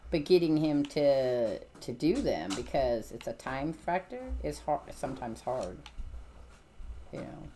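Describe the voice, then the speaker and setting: A middle-aged woman with a low voice chats casually while she plays a game on stream. She rambles and restarts her sentences, with a faint hiss behind her. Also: animated, unhurried, mellow. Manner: rambling, chatty, full of fillers and restarts. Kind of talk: casual chat while gaming.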